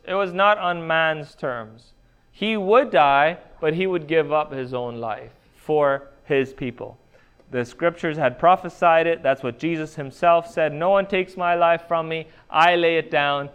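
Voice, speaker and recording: Guy preaching a sermon, kinda high voice, asks the crowd lots of questions. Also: a bit bright, smooth, muffled recording. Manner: deliberate, asks the listeners rhetorical questions. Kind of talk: expository sermon.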